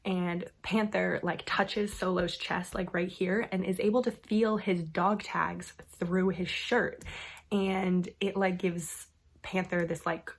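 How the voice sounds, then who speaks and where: A woman's voice: lowish voice, fairly even intonation, takes it slowly. A woman talking casually to camera as a book vlogger, full of fillers like "like" and "um", swearing now and then. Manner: chatty, filler-heavy with frequent "like" and "um". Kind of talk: casual book recommendation vlog.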